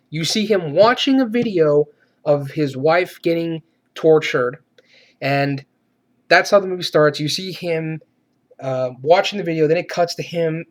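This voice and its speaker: A man giving a profane, sarcastic movie rant, swearing often and laughing ironically. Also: fairly high pitch. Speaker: movie reviewer.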